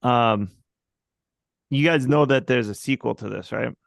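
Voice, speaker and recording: Slow-talking gravelly man hosting a chat. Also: medium pitch, no echo. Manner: dry, crude joking, steers the segment. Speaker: podcast co-host. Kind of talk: casual movie chat.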